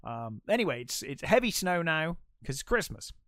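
A man's voice: on the high side, sing-song, fairly bright tone, no room sound, studio quality. A man co-hosting a podcast, retelling film scenes in casual chat with lots of fillers. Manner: retells scenes with quick put-on voices, many fillers. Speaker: podcast co-host.

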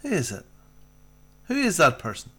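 A man co-hosting a gaming podcast in casual chat, excitable and rambling. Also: a little high, husky. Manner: excitable, rambling, quick to laugh. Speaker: podcast co-host.

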